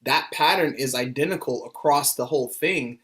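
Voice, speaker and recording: A man co-hosting a podcast in casual chat, halting and hesitant, often pausing with "um" and restarting sentences. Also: mid-range voice, fairly bright tone, slight background noise. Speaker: podcast co-host.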